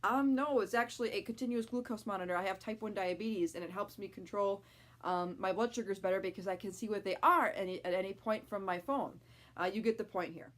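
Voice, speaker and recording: A woman's voice: medium pitch, fairly quick, a bit bright. Chatty young woman vlogger. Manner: frank, chatty, many fillers. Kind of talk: casual talk to camera.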